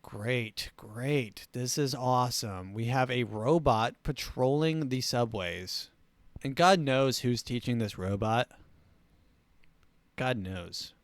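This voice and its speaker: Sarcastic comedy host, male, smooth voice, dry close recording. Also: medium pitch, animated, slow pace, dry recording. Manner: sarcastic, riffing. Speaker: show host. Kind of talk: comedic news commentary.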